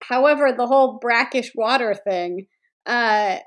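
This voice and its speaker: A woman's voice: fairly high pitch, measured pace. Playful woman podcast co-host. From Vermont. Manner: joking, playful. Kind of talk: casual chat.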